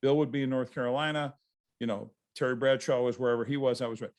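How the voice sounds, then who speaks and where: A man's voice: mid-range voice, steady tone, quick pace, darkish tone. A man, a guest author, telling stories in a casual interview over a video call, rambling and restarting his sentences.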